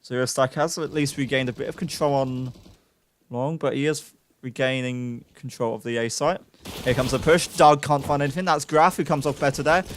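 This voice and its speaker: A young man giving live play-by-play esports commentary, excitable, with self-mocking asides to chat. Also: mid-range voice, normal speed, a little hiss or hum. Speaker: esports caster.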